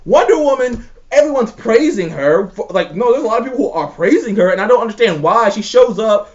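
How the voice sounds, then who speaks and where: A man's voice: sits high, animated, fairly quick. A man ranting in casual chat, profane, exasperated and emphatic. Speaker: show co-host ranking movies. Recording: slightly dull lo-fi recording.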